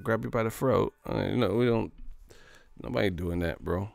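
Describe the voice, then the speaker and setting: A man riffs on a live stream in a low voice full of gravelly fry. His talk is loose, profane and jokey, and he laughs easily. The sound is dry and close, with faint music underneath. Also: moderate pace, no echo. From United States. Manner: joking, profane, loose slang, laughs often. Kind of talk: casual live-stream chat.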